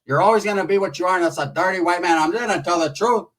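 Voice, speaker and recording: A man voicing a brash middle-aged aunt, shrill and scolding. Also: fast, a bit bright, recorded from a distance.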